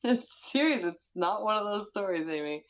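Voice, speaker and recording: A woman's voice: mid-range voice, animated, moderate pace, rough recording. A woman with an American accent, casually chatting and reading a listener's story aloud, laughing often and swearing freely. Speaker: podcast co-host.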